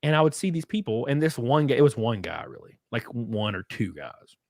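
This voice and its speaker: A man's voice: medium pitch, big pitch swings, fairly quick, a little mellow, dry recording, studio quality. A man telling rambling stories in casual chat, full of fillers and acted-out quotes. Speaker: guest on a live stream.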